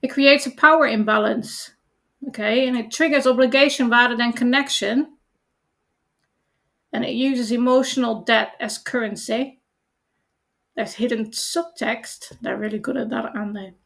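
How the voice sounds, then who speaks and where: A woman coach reads a reassuring chat reply aloud for a product demo. Her voice sits a little high and carries a gravelly texture. She speaks with gentle emphasis, lingering on comforting lines. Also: steady tone, moderate pace.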